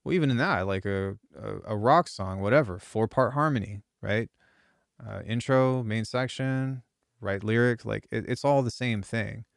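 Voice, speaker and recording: A man's voice: fairly low pitch, moderate pace, creaky, no room sound, studio quality. A man who produces music, chatting casually on a live stream, rambling and swearing freely with lots of restarts. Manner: rambling, profane, frequent restarts.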